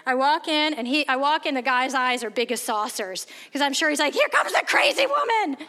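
A woman's voice: high voice, brisk. A woman giving a candid, self-deprecating faith testimony, animatedly acting out the voices of people in her stories. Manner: animated, acts out quoted voices. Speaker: speaker sharing faith testimony. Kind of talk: storytelling testimony talk.

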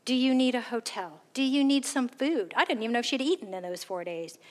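Speaking fairly quickly in a voice on the high side, a woman tells her faith testimony through stories, candid and self-mocking, bringing quoted characters to life by animatedly acting out their voices.

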